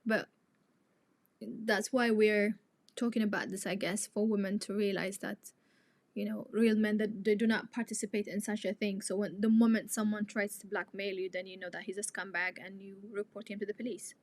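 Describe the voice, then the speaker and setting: A woman's voice: mid-range voice, flat delivery, normal speed, dry recording. A young woman, a native Tigrinya speaker, hosting a live chat and talking to her viewers in an outspoken, indignant way. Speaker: live stream host.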